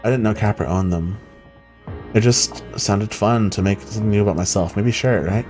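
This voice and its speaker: A man's voice: fairly low pitch, a little fast, a little mellow, faint music behind, natural voice. Lena, a weary young woman driver, read by a man. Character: young woman cab driver, loyal, fed up. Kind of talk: reading game dialogue aloud.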